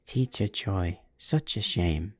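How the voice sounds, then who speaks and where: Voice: sits low, sing-song, takes it slowly, a bit bright, no room sound, heavily acted. A man voicing an eerie, thin-voiced companion who murmurs with pity and mockery in a storybook reading. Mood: pitying, mocking. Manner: murmuring, pitying, mocking.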